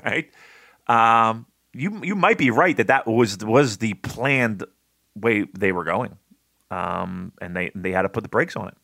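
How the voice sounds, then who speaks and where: Animated bright man, rambling and excitable. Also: lowish voice, measured pace, creaky, no echo, clean studio sound. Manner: rambling, excitable, swears freely. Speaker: podcast co-host. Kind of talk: casual wrestling review chat.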